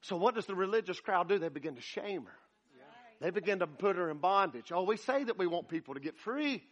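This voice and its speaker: Pastor, man, very high bright voice, folksy joking sermon. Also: lively intonation, brisk, highs cut off.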